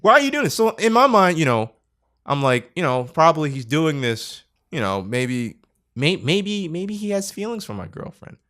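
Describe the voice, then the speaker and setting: A young man, a podcast co-host, telling a story in casual chat and acting out quotes, laughing often. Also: normal speed. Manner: animated, acts out quotes with big pitch jumps, laughs often.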